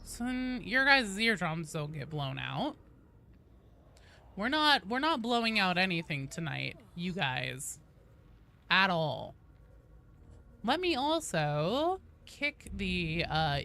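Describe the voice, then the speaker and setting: A woman game streamer chatting casually, greeting viewers one by one, her voice a bit gravelly from allergies. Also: fairly low pitch, sharp tone, a little hiss or hum. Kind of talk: casual live-stream chat.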